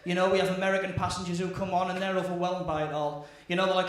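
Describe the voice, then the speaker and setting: A man's voice: sits high, flat delivery, fast. A man doing stand-up comedy on a club stage, chatty and self-deprecating. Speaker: stand-up impressionist. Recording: echoey comedy club, live.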